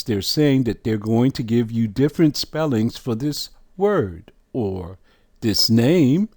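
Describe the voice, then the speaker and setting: A man's voice: mid-range voice, darkish tone, dry recording, studio quality. A man teaching a lesson, walking the listener through a chart and asking questions as he goes. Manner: asks the listener questions, emphatic.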